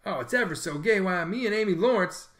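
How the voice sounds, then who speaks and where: A man's voice: sits high, expressive, brisk, fairly bright tone, pitched above the performer's own voice. A man doing an eager, bragging schoolboy. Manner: eager, wheedling, boastful. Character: eager, boastful young schoolboy. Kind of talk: storybook reading.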